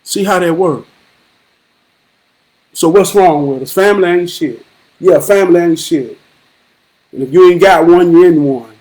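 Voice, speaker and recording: A man hosting a live stream, giving a profane, preachy monologue with rhythmic repetition and occasional shouted bursts. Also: sits high, measured pace, pauses often. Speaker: livestream host.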